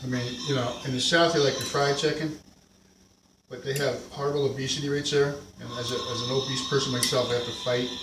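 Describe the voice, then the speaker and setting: A man's voice: medium pitch, steady tone, brisk, noisy background. A middle-aged man with a North Jersey accent, rambling through stories while cooking at home for a casual vlog. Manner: rambling, digressive storytelling. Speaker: home cook vlogger. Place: home kitchen. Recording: echoey kitchen, mic far off, clattering dishes.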